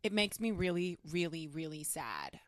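A woman's voice: on the low side, sing-song, normal speed, no echo. A woman co-hosting a casual chat podcast, emphatic and prone to repeating herself. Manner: emphatic, repeats herself when she dislikes something. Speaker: podcast co-host.

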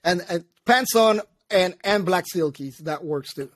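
A man with a notably high voice tells stories in a lively, casual way, jumping into the voices of the people in his tale. The recording is dry and close, with no room sound. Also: a little slow, dry recording. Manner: animated, acts out both sides of his story, laughs at himself. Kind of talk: casual storytelling chat.

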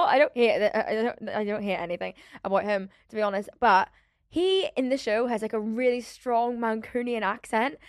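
A young woman chatting on her solo podcast at a rapid clip, her sentences tumbling out with "like" in almost every line and a swear word here and there. The voice sits at an ordinary pitch for a woman, and the recording is close and dry, with no room sound. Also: no echo. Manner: rambling and chatty, constant "like" fillers, swearing. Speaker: podcast host. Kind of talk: casual solo podcast chat.

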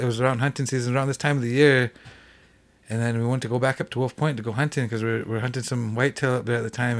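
Man, podcast guest, rapid rambling storytelling, frequent filler words. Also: mid-range voice. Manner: fast rambling with many "like" fillers. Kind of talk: casual storytelling.

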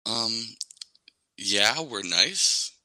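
A man's voice: lowish voice, animated, very slow, sharp tone, no room sound, low-quality recording. A young man in his twenties, a guest in a casual interview, rambling with lots of "like" and "um". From Canada, Ontario. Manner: rambling, many "like" and "um" fillers.

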